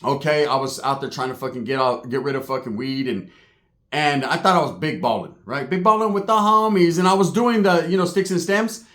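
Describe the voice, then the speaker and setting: A man's voice: fairly high pitch, brisk, fairly bright tone. A man telling a street story in a casual, profane way, laughing and acting out the people in it. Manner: streetwise, profane, laughing, acts out other voices.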